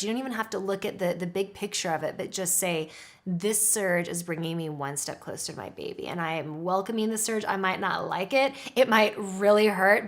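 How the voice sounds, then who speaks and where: A woman talking casually and reassuringly about labor, often saying "like" as she coaches expectant mothers. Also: mid-range voice. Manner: encouraging, reassuring, says "like" a lot. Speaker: childbirth educator. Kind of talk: casual advice chat.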